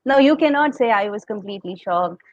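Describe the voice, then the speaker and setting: A woman's voice: mid-range voice, animated, a little fast, no echo, dull audio. A woman with an Indian accent on a podcast, explaining public speaking tips and acting out sample tones. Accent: Indian English. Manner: explanatory, demonstrates tones, laughs often.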